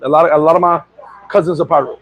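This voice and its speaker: A middle-aged man telling a story casually on a livestream, boastful and animated, laughing and swearing often. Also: fairly high pitch, very fast, no room sound, dull audio. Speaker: vlogger.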